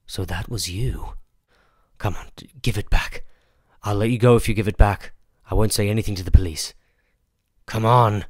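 A man's voice: on the low side, brisk, darkish tone, husky, no room sound, clean studio sound. A man voicing an angry, accusing record shop owner who presses insistently.

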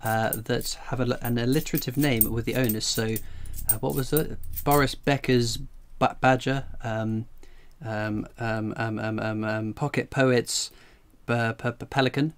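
A man's voice: mid-range voice, steady tone, measured pace, hardly any pauses, smooth. A man hosting a casual coin-collecting livestream. He reads chat messages aloud and rambles in a jokey way, jittery from strong coffee. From England.

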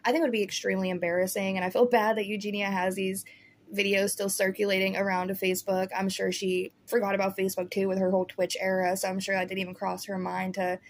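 A woman's voice: mid-range voice, level tone, quick pace, a little hiss or hum. A woman hosting a casual commentary vlog, talking in a chatty, rambling way full of "like" and "you know". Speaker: commentary host.

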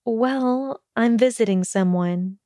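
A woman voicing an earnest young witch in an audiobook, pitched higher and speaking hesitantly. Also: slow pace, dark tone, dry recording, clean studio sound. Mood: nervous.

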